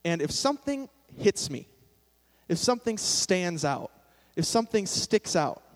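A man's voice: high voice, sing-song, a little slow. A young man preaching a sermon in a casual, self-deprecating way, with sudden emphatic bursts. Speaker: pastor. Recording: long hall reverb.

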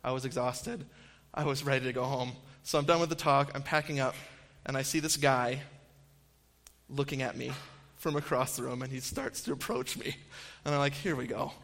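The voice is a steady, mid-range one at normal speed, slightly bright, with a little hiss or hum and long hall reverb. It belongs to a campus minister in his thirties preaching a storytelling sermon to an audience, conversational and self-deprecating, peppered with ums and restarts.

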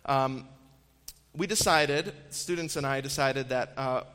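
Speaking to an audience in a hall with long reverb, this thirtysomething campus minister has a clear, resonant, medium-pitched voice that's a bit bright and unhurried. He tells stories in his sermon conversationally, mocking himself and frequently restarting with ums.

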